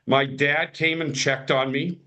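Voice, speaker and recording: A man's voice: on the high side, fairly even intonation, a little slow, pushed and bright. A man in his fifties, a podcast guest, telling stories with many restarts and fillers and acting out quoted voices. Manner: rambling, frequent restarts and fillers. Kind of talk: casual storytelling.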